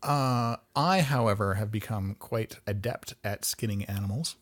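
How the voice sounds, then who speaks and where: A man's voice: fairly low pitch, unhurried. Easygoing man with dry asides. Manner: easygoing, dry asides, frequent "right" and "yeah" backchannels. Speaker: podcast co-host. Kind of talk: casual chat.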